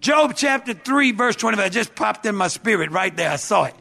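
A man's voice: sits high, expressive, a little fast, gravelly, sharp tone. A male pastor preaching an emphatic, repetitive sermon.

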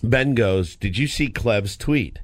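A man co-hosting a sports radio show, telling a story in a lively, casual way with frequent restarts, in a studio. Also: on the low side, takes it slowly, no echo. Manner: animated storyteller, lots of restarts.

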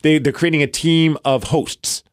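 A man's voice: fairly high pitch, fairly even intonation, unhurried, no echo, clean studio sound. New York man telling a long story. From Brooklyn, New York. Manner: rambling, restarts often, acts out quoted dialogue. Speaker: podcast co-host. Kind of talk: casual storytelling chat.

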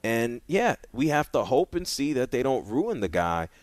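A man hosting a sports talk radio show, chatting casually and restarting his phrases with quick repeats. His voice sits at a mid pitch and is captured very dry at a studio microphone, with no room sound. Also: sing-song, no room sound. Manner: conversational, stammers and repeats words.

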